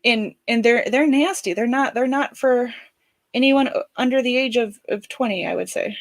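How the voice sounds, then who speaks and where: A woman's voice: a little high, normal speed. A woman hosting a craft livestream, chatting casually and giggling at her own jokes while she works. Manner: chatty and giggly, joking asides.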